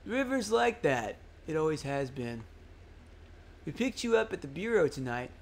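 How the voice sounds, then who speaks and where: A man's voice: fairly high pitch, very animated, a little hiss or hum. A man doing a wistful old river-rat captain. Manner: slow, musing, folksy storytelling.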